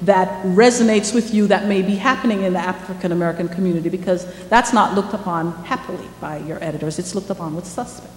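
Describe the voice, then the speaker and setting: A woman giving a lecture about her reporting days. She tells it as a lively story and acts out the dialogue. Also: lowish voice, fast, few pauses. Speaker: guest lecturer, former newspaper reporter. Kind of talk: first-person storytelling lecture. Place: lecture hall. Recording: echoey hall with faint background noise.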